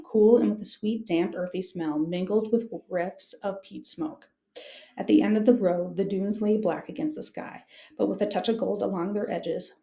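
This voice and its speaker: Woman teacher, low-pitched and mellow, giving an earnest diary read-aloud. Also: echoey room. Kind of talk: reading a wartime diary aloud.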